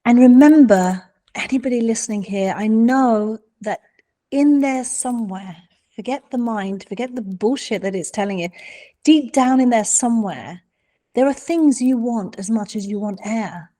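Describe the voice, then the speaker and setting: Animated storytelling woman. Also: fairly high pitch, moderate pace. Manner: animated, acts out voices in her stories. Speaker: guest, mentor. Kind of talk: conversational storytelling.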